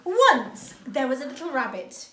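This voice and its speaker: A young woman reading a picture book aloud to children at home, playful and expressive, voicing the characters. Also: sits high, a little slow. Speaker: children's story reader. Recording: roomy echo.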